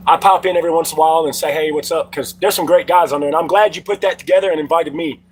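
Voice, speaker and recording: A man's voice: fairly high pitch, fairly even intonation, racing, breathy edge, poor audio. A middle-aged man hosting a casual livestream from home, telling loose, profane stories to his chat. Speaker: livestream host.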